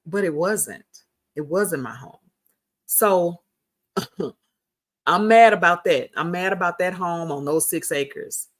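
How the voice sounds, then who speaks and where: Woman host, low-pitched, chatty, storytelling, animated, emphatic repeats. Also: slow, pauses often. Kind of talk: casual storytelling chat.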